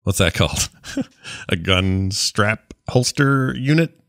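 A man's voice: lowish voice, animated, takes it slowly, fairly bright tone, no echo, clean studio sound. A man giving casual reaction commentary on an old sitcom, wry and sarcastic with chuckling asides. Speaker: reviewer watching an old sitcom.

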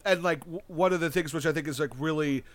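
A young man with a somewhat high-pitched voice talks in a loose, rambling way. He piles on "like" and starts sentences over and over. He swears casually and stays eager throughout. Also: fast, dry recording. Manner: rambling, filler-heavy, with frequent restarts and casual swearing; enthusiastic about a video game. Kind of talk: casual chat.

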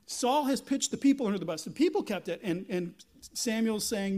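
High-voiced pastor preaching animatedly. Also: male voice, moderate pace. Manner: animated storytelling, acting out biblical figures, frequent restarts. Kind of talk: sermon.

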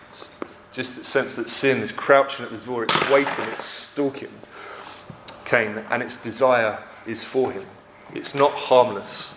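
A man's voice: mid-range voice, fairly even intonation, measured pace, background noise. Earnest male preacher in a roomy hall. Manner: earnest, emphatic, repeats phrases for effect. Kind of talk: sermon. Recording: roomy echo.

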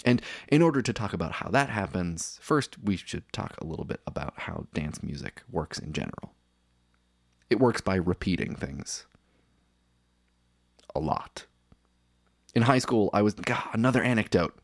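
A man in his thirties narrates a scripted podcast episode in a low, deep voice. His delivery is dry and wry, and he drifts into side anecdotes. The recording is close and dead, with no room sound. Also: very animated, normal speed, creaky, no echo. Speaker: podcast host.

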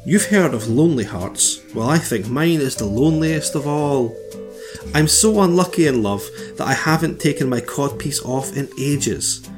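A man's voice: mid-range voice, animated, normal speed, music in the background, natural voice. A man reading as a pompous old-time English king. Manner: grandly reading a letter in character. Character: pompous, woman-scorning sixteenth-century English king. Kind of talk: comedic letter reading.

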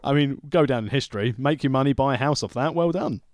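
A man co-hosts a podcast in a mid-pitched, matter-of-fact voice. He speaks in measured runs. The sound is dry and close on the mic. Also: a little mellow, dry recording. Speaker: podcast co-host. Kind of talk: casual wrestling podcast chat.

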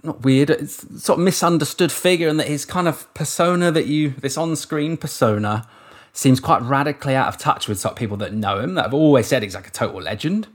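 A man's voice: on the high side, a little fast. A man with an English accent, a surf commentator chatting casually as a guest, rambling with restarts and casual swearing. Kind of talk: casual interview chat.

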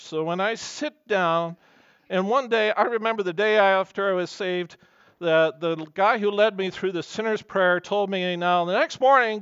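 A man's voice: high voice, a bit bright, clear, resonant tone, no room sound, lo-fi sound. A man preaching a sermon as pastor, earnest and emphatic, weaving in personal stories.

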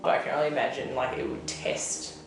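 A woman's voice: very deep voice, fairly even intonation, brisk, vocal fry. A young woman telling her personal story in a candid, chatty way, full of "like". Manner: chatty, heavy on filler "like". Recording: roomy echo with music bed. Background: soft instrumental music.

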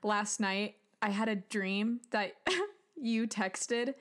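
A woman's voice: medium pitch, drawn-out words. A woman co-hosting a music podcast, talking in a rambling, giggly way. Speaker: podcast co-host. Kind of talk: casual chat about music.

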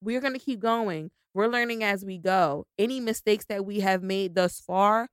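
A woman co-hosts a podcast in casual chat, talking in excitable bursts that jump loud. Her voice is smooth and clear, and the recording is dry and close. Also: medium pitch, moderate pace, no echo. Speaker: podcast co-host.

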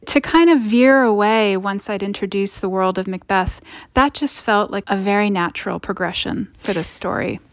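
A woman author talking through her work in an interview. She sounds reflective and thoughtful, and she becomes animated when she gets to the points she enjoys. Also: mid-range voice, normal speed, hardly any pauses, dry recording, clean studio sound. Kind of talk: interview conversation.

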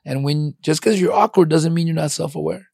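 A man's voice: on the high side, a little fast, gravelly, mellow, breathy edge, no room sound, studio quality. A man hosting a casual interview, chatty and encouraging, cursing now and then. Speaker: podcast host.

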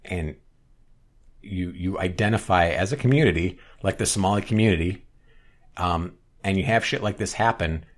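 A man chatting casually on a podcast, retelling a sitcom episode at length with restarts and loud acted-out quotes. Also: deep voice, moderate pace. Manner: rambling storyteller, many restarts, acts out quotes loudly. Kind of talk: casual chat.

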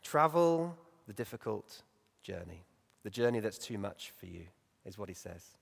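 A male preacher giving a Sunday morning sermon in a reflective, conversational way, growing animated as he acts out Bible stories. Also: lowish voice, moderate pace, gravelly. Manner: reflective, conversational, lively when acting out stories. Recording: long reverb in a large hall.

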